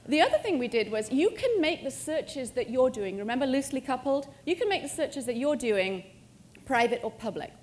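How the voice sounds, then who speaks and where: A middle-aged woman presenting a live software demo at a conference, joking and self-mocking as she goes. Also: high-pitched, big pitch swings, fairly quick, slight background noise. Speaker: conference speaker. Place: conference hall stage.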